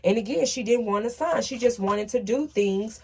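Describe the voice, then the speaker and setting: A woman's voice: fairly high pitch, moderate pace, a little mellow, breathy edge. A woman giving a casual tarot reading, talking emphatically and asking "okay?" after nearly every point. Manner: emphatic, repeats "okay?" often, swears when worked up. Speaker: tarot reader.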